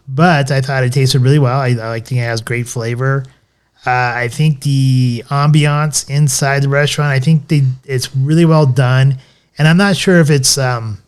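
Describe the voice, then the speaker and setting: A man's voice: medium pitch, smooth. A man co-hosting a podcast, chatting casually with many fillers and restarts as he reviews a restaurant. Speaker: podcast co-host.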